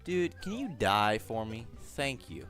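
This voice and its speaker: A man's voice: medium pitch, big pitch swings, slow pace, a bit bright. A man streaming a video game live, chatting in a rambling, self-mocking and jokey way. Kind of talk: live gameplay commentary. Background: faint game music.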